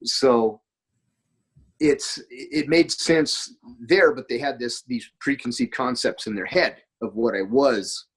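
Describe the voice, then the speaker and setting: A husky-voiced man talks casually as a podcast guest. He spins long, rambling anecdotes at a mid pitch, with a breathy edge to his tone. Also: takes it slowly, poor audio. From United States. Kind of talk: casual conversation.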